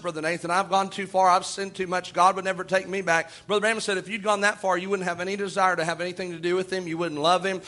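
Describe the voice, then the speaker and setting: A man's voice: high-pitched, sharp tone. A man preaching a sermon in a church, reading scripture aloud and adding folksy asides. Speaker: pastor.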